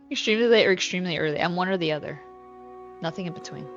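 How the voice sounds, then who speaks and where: A woman's voice: lowish voice, quick pace, highs cut off, faint music behind. A woman streaming a new game, chatting with her viewers, giggling often and swearing freely. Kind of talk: casual live-stream commentary.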